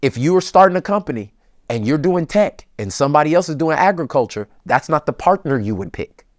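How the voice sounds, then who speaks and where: A man, a pastor as guest, giving relationship advice in a colloquial, emphatic preacher-like way that builds to excited peaks. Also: fairly high pitch, a little fast, no echo, clean studio sound.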